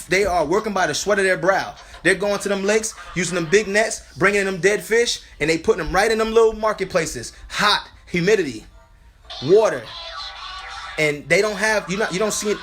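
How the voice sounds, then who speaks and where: A man's voice: high voice, fairly bright tone. A man preaching fervently at home, full of restarts and repeatedly calling listeners brothers and sisters. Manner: fervent and repetitive, with many restarts. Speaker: lay preacher. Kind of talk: impassioned home sermon. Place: at home, indoors.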